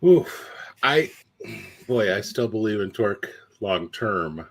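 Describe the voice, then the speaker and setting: A man's voice: fairly low pitch, sing-song, slow pace. A man co-hosting a sports podcast, talkative in casual analysis, often hedging and restarting his sentences. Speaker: podcast co-host.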